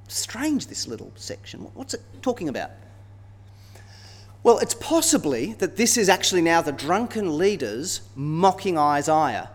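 A man preaching a sermon in a conversational, expressive way, often checking in with tag questions. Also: a little high, unhurried. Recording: long reverb of a large hall.

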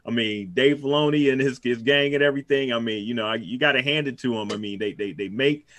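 A man with a mid-pitched voice talks in a loose, rambling way, circling back with restarts and fillers. His voice sounds close and dry, with no room around it. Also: fast, a bit bright, no echo. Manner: rambling, many fillers and restarts, laughs often. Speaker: podcast co-host. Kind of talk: casual chat.

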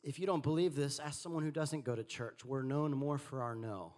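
A man preaching a sermon, swinging between quiet asides and animated, rising delivery. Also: brisk. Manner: animated preaching, rising and falling in pitch and volume. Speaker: pastor.

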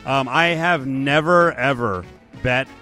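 Dry, sarcastic sports radio host. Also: male voice, mid-range voice, slow pace, pushed and bright, faint music behind. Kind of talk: casual sports talk.

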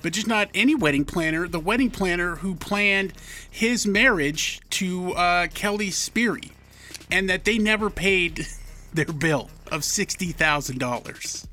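A man co-hosting a radio show, telling a story in casual banter, halting with many fillers. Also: high voice, pushed and bright. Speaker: radio co-host. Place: radio studio.

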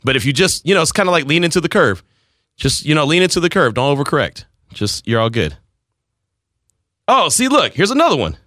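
A male radio host chatting casually on air and rambling through a story. His voice is bright and forceful, with a pitch that swings widely. The sound is dry and close. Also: brisk, no echo. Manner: animated storytelling, rambling, laughs at himself.

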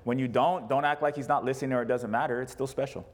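Male pastor, animated, jokey conversational sermon, mid-pitched. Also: quick pace. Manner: animated, jokey, acts out quotes. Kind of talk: sermon with congregation questions.

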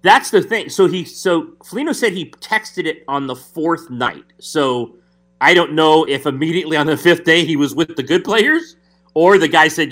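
A man, a hockey reporter, telling an animated story in casual chat. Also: fairly high pitch, moderate pace.

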